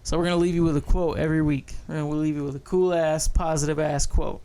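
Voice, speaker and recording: A man's voice: a little high, little pitch movement, fast, dark tone, smooth. A young male podcast co-host with a slightly raised voice, chatting loosely and swearing freely. He keeps things light and laughs often between thoughts. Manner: laid-back, profane, laughs easily. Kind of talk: casual podcast chat.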